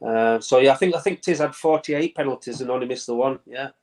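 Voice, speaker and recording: English guy in his 50s on a video call from home, rambling stories, laughs a lot, mid pitch. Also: fast, darkish tone, poor audio. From England. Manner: chatty storytelling, laughs often, repeats words. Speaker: former goalkeeper, guest. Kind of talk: casual interview chat. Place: brother-in-law's man cave at home.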